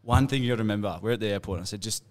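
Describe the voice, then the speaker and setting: A man's voice: fairly low pitch, a little mellow. A man with an Australian accent, spinning a yarn as a podcast co-host. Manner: quick, chatty yarn-spinner. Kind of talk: casual storytelling among mates.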